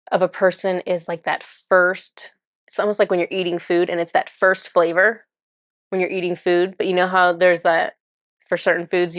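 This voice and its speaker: A woman telling a story to camera in a casual, chatty way, laughing often and sometimes dropping to a hushed murmur. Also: fairly low pitch, dry recording, clean studio sound. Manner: chatty and amused, laughs often while recounting. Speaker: spiritual channeler.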